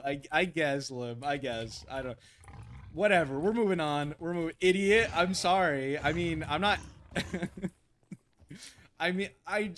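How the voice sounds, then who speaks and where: Man, gaming streamer, casual chat, fairly high voice, stammering, giggly, flustered. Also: a bit bright. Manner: flustered, stammering, laughs often.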